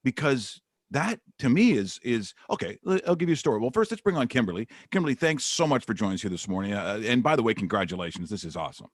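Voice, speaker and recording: Animated middle-aged male radio host. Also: medium pitch, fast talker, no echo, studio quality. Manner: rambling, animated storytelling. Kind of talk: radio interview chat.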